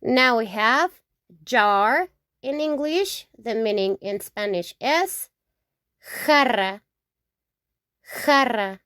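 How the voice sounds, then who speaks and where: A woman teaching the Spanish alphabet, saying each word slowly several times and checking in with "okay?". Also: fairly high pitch, lively intonation, fairly bright tone, no echo, clean studio sound. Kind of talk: slow alphabet lesson with repetition.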